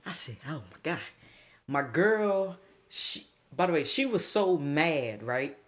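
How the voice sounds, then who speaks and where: A young man tells a story on a live stream from his phone, his voice sitting a little high. He talks casually and swears freely. He acts out what everyone said. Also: slow pace. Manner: animated, profane, acts out what people said. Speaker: livestreamer telling a story.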